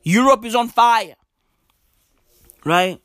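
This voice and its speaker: A man's voice: very high voice, slow pace, no room sound. Profane ranting man, dry close sound. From South Africa. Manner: animated, profane, keeps asking "right?". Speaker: podcast host. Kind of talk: profane casual rant.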